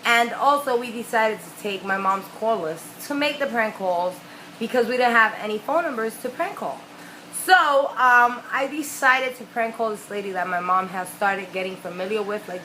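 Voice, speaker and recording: Young woman, casual storytime vlogger, chatty and profane, bright voice, faint hiss behind. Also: medium pitch, low-quality recording. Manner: chatty, profane, full of fillers.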